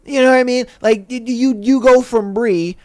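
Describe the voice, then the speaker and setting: A man's voice: very high-pitched, fairly even intonation, moderate pace, no echo. A man hosting a podcast, giving a casual, blunt, profane recap with mocking impressions. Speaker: podcast host.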